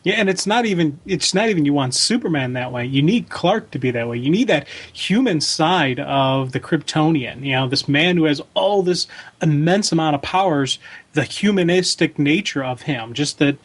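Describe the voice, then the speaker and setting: A man's voice: a little high, expressive, normal speed, breathy edge. A man co-hosting a fan podcast in casual chat, enthusiastic and acting out little quotes. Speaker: podcast co-host.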